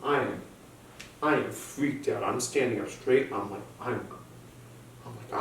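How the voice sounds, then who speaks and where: A man's voice: medium pitch, fairly even intonation, a little slow. Young man, stand-up comedy storytelling, nervous restarts, echoey room, mic far away. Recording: echoey room, distant mic, faint noise.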